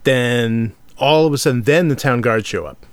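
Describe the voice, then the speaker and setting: A man talking casually about tabletop games as a podcast co-host, halting often with fillers and restarts. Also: medium pitch, smooth, dry recording. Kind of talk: casual discussion.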